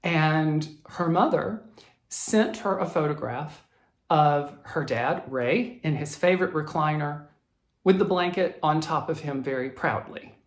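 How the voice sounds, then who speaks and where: A flosstube host telling a viewer's story in a chatty, animated way and reading from viewer emails. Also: mid-range voice, a little slow. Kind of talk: casual storytelling vlog. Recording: roomy echo.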